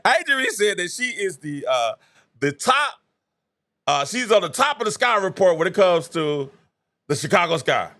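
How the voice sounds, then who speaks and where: A man hosting a live sports talk show, his voice pitched high and swinging wildly up and down. He talks excitably, laughs in the middle of sentences and acts out quoted back-and-forths. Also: moderate pace. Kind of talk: animated live sports commentary.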